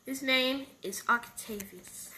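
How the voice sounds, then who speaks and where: A woman's voice: high voice, takes it slowly, sharp tone. A woman voicing characters in a casual game roleplay, playful and switching between voices.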